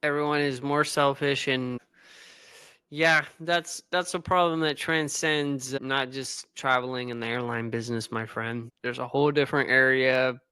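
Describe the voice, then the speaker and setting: Easygoing podcast co-host. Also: male voice, mid-range voice, fairly even intonation, normal speed, bright, forceful tone, clear, resonant tone, no room sound, clean studio sound. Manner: agreeable, short replies, easygoing. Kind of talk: casual chat.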